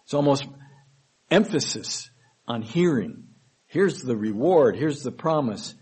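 A man preaching a sermon. He reads scripture verses aloud with emphasis and then explains them in a measured way. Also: mid-range voice, animated, a little mellow, slightly rough, poor audio. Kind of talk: sermon, Bible study reading.

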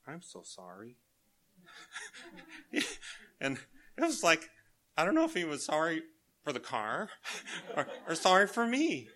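An older man preaching to his congregation in a relaxed, storytelling way. His voice is bright and forceful at a middle pitch, and he chuckles as he softly imitates children's words. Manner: folksy, chuckling, quotes children in soft voices. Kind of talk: sermon with personal anecdotes.

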